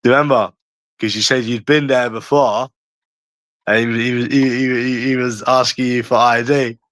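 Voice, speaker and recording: A man's voice: medium pitch, steady tone, moderate pace, fairly bright tone, dry recording. A man with a London accent in casual chat, teasing and slangy, repeating himself often. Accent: London English.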